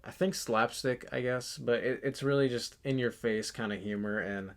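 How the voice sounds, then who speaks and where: A man in his twenties chatting casually in a vlog, rambling and halting with lots of fillers and restarts. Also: medium pitch, steady tone. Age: 20s. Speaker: channel host. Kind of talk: casual movie collection vlog.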